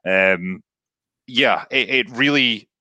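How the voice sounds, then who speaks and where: A man's voice: medium pitch, slow pace, bright, forceful tone, no echo, dull audio. A man being interviewed about his writing, speaking casually with many fillers and restarts. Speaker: author guest.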